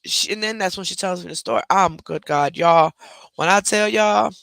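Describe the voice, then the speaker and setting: A woman host telling a family story in a casual, animated chat, swearing freely as she goes. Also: on the low side, moderate pace, vocal fry, dry recording.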